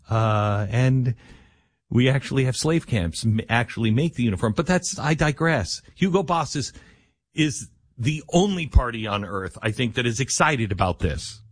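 A man's voice: mid-range voice, expressive, moderate pace, slightly rough, no echo, studio quality. A man hosting a casual, sarcastic commentary monologue, rambling with restarts while at his computer. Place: dry room at his computer.

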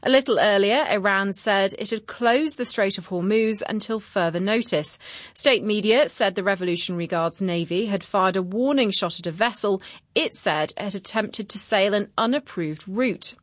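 A female news presenter reading headlines and questioning a correspondent in a clear, formal way. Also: mid-range voice, moderate pace, no echo, clean studio sound.

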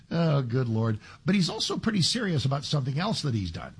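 A talk radio host, a man, works through a heated opinion monologue with sarcastic asides and quick repetitions. His voice is very husky and breathy, with a steady middle pitch. It sounds like a studio microphone. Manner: emphatic, sarcastic, with frequent restarts.

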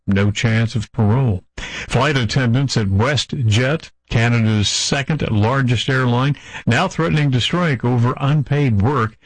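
A man anchoring a radio newscast in a crisp, even news-reading delivery. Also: fairly low pitch, no room sound, rough recording.

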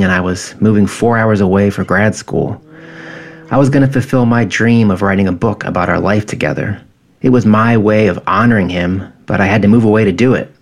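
A man in his thirties reading his own personal essay in a quiet, measured, reflective way. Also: fairly low pitch.

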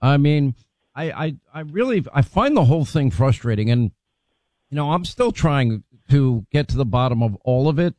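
Male host, mellow dark timbre, dry close mic, assertive delivery. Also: mid-range voice, very animated, moderate pace, dry recording. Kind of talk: interview talk.

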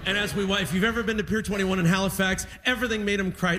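A male comedian telling a stand-up story, animated and self-deprecating with quick asides. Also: high-pitched, soft background music.

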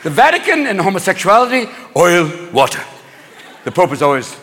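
A man doing a fast, manic stand-up comedy routine, slipping in and out of put-on voices. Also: high-pitched, sing-song. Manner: rapid, manic, jumps between put-on voices. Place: stage before a large live audience. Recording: live show in a big hall, loud crowd laughter.

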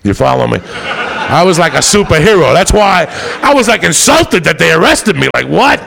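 Gravelly, foul-mouthed man telling stories onstage. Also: a little high, very animated, normal speed, noisy background. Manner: loud, profane, rambunctious storytelling. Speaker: stand-up comedian. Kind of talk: stand-up storytelling. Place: stage before a live audience.

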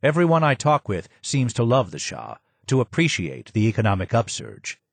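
A man's voice: medium pitch, wildly swooping pitch, moderate pace, gravelly, no echo, full character voice. A man voicing a polite, skeptical American businessman.

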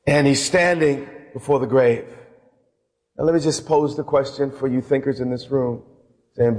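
A man preaching a sermon to a congregation in a church, moving between slow emphatic pauses and sudden fast bursts. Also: mid-range voice, fairly even intonation, darkish tone, long reverb tail. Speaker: pastor. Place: church sanctuary.

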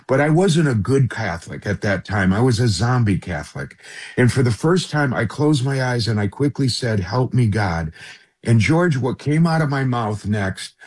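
Husky radio guy on a talk show, earnest, telling his story to the host. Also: mid-range voice, a little mellow. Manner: earnest, keeps addressing the host by name. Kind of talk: personal storytelling in a conversation.

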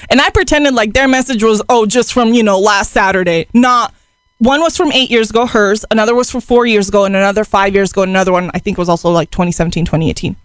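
A woman's voice: mid-range voice, quick pace, no room sound. A woman co-hosting a radio show, chatting casually, telling stories and poking fun at herself. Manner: self-deprecating, animated storytelling. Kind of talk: casual morning radio banter.

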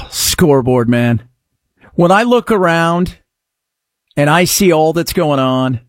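A man's voice: fairly high pitch, animated, takes it slowly, long pauses, no room sound, clean studio sound. A middle-aged man hosting a talk-radio show, delivering a sarcastic, opinionated monologue that swings between mutters and outbursts.

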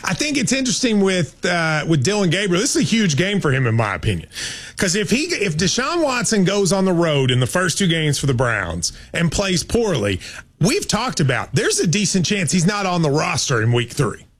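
A man's voice: high voice, sing-song, normal speed, fairly bright tone, husky. A man hosting a sports talk show, steering the talk with pointed questions. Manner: quizzing, steers the segment with questions.

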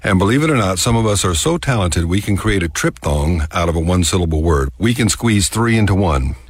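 A man's voice: sits low, lively intonation, breathy edge, no echo, clean studio sound. A man from Texas with a Texas accent, telling a scripted radio story in a folksy way and drawing out words to show them. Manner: folksy, drawn-out demonstration of words.

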